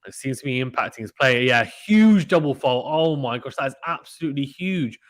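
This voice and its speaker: A man's voice: medium pitch, a little fast, no room sound. Chatty man commentating tennis live. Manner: chatty, excitable, uses British slang. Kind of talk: casual live play-by-play commentary reading chat.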